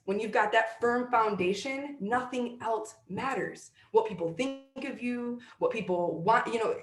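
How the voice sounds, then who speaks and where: A woman of middle pitch gives forceful motivational talk as an interview guest, hammering her points home by repeating them. She sounds preachy and emphatic. Her voice rings in a roomy, echoey space. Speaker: guest, sales team leader. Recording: roomy echo.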